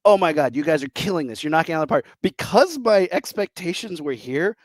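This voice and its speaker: An excitable man in his thirties chats about movies as a podcast co-host. He talks in a rambling, enthusiastic way and slips into voices to act out quotes. His voice sits a bit high, and it is caught dry and close on the mic. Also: quick pace, dry recording. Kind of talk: casual chat.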